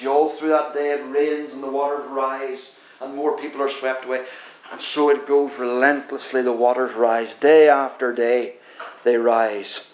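A man preaching a sermon, telling a dramatic story in the second person that builds tension and slows down for emphasis. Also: mid-range voice, a little mellow, reverberant.

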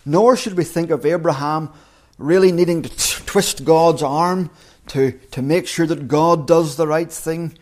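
A man preaching an evening sermon, reflective and measured, slowing down to read scripture aloud. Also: on the high side.

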